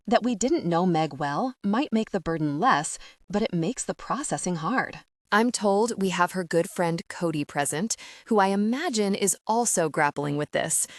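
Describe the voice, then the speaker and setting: A woman reading a first-person audiobook narration in a measured, intimate storytelling manner. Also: lowish voice, no echo, studio quality.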